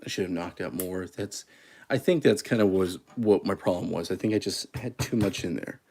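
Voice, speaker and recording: A man hosting a casual coffee livestream, chatty and quick to laugh at his own mistakes. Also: low voice, darkish tone, slightly rough. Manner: self-deprecating, chatty, laughs at himself. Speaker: coffee channel host. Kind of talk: casual livestream chat while making espresso.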